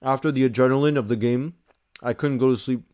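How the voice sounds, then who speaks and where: A young man chatting casually through a live football watch-along and answering viewer messages, bursting into excited shouts at big moments. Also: medium pitch, fast talker. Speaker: football streamer reacting live.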